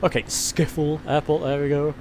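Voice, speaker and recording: A man's voice: a little high, little pitch movement, moderate pace, a little mellow, slight background noise. Chatty English man streaming flight sim. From England. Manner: chatty, self-deprecating, reads chat aloud. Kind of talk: casual live commentary.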